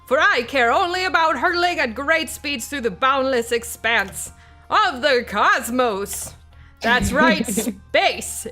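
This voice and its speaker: A woman's voice: sits high, bright, forceful tone, heavily acted. A woman putting on an old-timey radio announcer alien boy. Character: nerdy young male alien aviator, chipper and grandiose.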